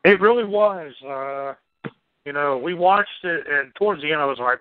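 A man's voice: fairly high pitch, expressive, normal speed, dry recording. Laid-back man on a tinny line. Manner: laid-back, rambling, swears casually. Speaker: podcast co-host. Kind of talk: casual movie chat. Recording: tinny phone-like band-limited sound.

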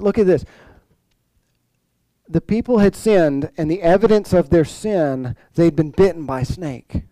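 A man's voice: fairly high pitch, brisk, mellow, no echo, low-quality recording. A male pastor preaching a sermon in a conversational way, full of restarts and rhetorical questions.

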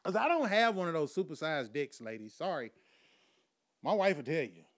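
A man's voice: on the high side, big pitch swings, normal speed. A middle-aged man telling crude stand-up stories with lots of profanity, often laughing at his own jokes. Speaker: stand-up comedian.

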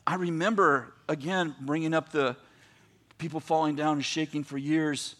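A man preaching a sermon in a high, bright voice. He tells stories in an animated way and voices other people's lines. He drops to a quiet tone for scripture, then rises to excited shouting. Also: normal speed. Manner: swings from quiet reading to loud excited shouting; animated storytelling with voiced asides.

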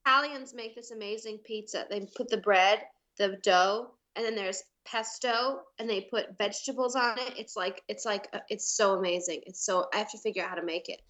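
A woman's voice: medium pitch, steady tone, fairly quick, few pauses, a bit bright. A woman guest on a podcast, a violinist, chatting casually with laughs and fillers. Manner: bubbly, laughing, hesitant fillers. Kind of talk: casual chat.

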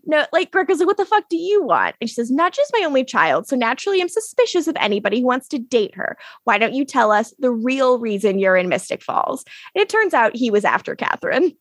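A woman with a slightly high voice chats casually as a podcast co-host. She laughs often, swears freely and acts out lines as she recaps. The sound is dry and close. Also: very animated, fast talker, hardly any pauses, husky, no room sound.

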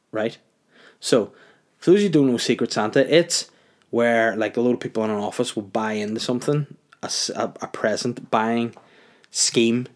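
A young man telling a story in a casual, animated rant, incredulous and full of fillers. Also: mid-range voice.

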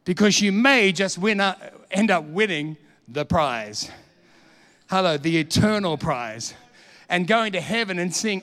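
An Australian man in his fifties preaching a sermon, telling stories with animated, punchy repetition. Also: high voice, normal speed, big-room sound. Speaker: pastor.

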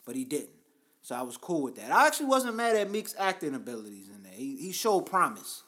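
A man's voice: fairly high pitch, sing-song, a little fast, fairly bright tone. A man with a Baltimore accent chatting casually on a podcast, emphatic and joking. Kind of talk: casual chat.

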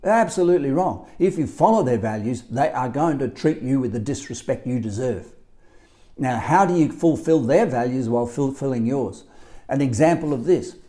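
Australian man, life coach, solo podcast, mellow and emphatic, repeats his points. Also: mid-range voice, lively intonation, moderate pace. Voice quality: emphatic, repetitive.

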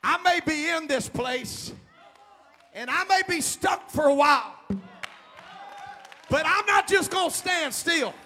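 A man pastor delivering a sermon in a folksy way that rises into shouted preaching. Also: very high voice, expressive, slow pace, long pauses, some chatter behind.

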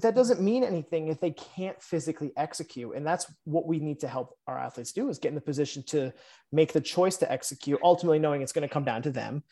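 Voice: medium pitch, expressive, fast talker, mellow. A podcast host who talks enthusiastically and with many fillers, showering the guest with praise. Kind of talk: podcast interview.

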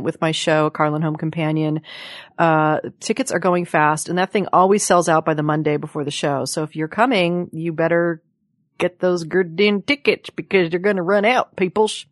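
A woman's voice: lowish voice, no room sound, studio quality. A woman hosting a casual talk show, chatting loosely and plugging shows with a playful swear now and then. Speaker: podcast host. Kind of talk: casual chat. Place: studio room with guests.

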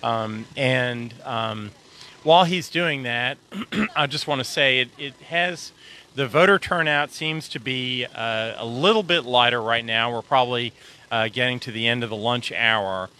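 A man's voice: mid-range voice, measured pace, bright, forceful tone. A man hosting a show, interviewing a campaign volunteer outdoors at a polling site with conversational, leading questions. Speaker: show host. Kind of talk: on-the-street interview.

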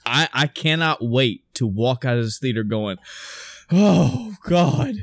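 A man in his thirties, excitably talking in a casual chat, swearing freely and acting out scenes. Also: medium pitch, normal speed, no room sound.

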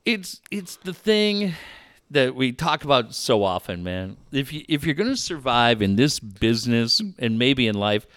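A middle-aged man telling radio stories in casual chat, animated and profane, laughing often. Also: medium pitch, unhurried, no echo, clean studio sound.

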